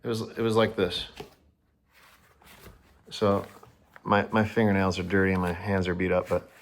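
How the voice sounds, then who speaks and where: A man telling a personal story to the camera, rambling, restarting often and sounding excited. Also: sits low, moderate pace, slight background noise.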